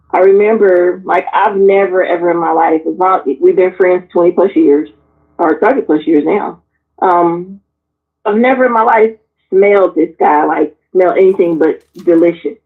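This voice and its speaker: A woman in her forties, frank and animated, telling personal stories on a talk panel and swearing freely as she acts out the people in them. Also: on the low side, moderate pace. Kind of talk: candid personal storytelling. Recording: tinny phone-like sound.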